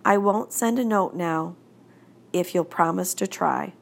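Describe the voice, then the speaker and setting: A woman's voice: fairly low pitch, a little slow, creaky. A woman voicing a stern, moody schoolteacher who speaks in a prim, grumbling way, in an audiobook reading. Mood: calm, coaxing. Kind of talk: audiobook character voice.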